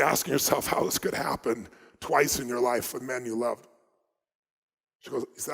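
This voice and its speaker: An American man telling stories at a motivational seminar, emphatic and dramatic, swinging between loud and hushed delivery. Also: medium pitch, fairly even intonation, measured pace, creaky. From United States. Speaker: motivational speaker. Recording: long reverb of a large hall.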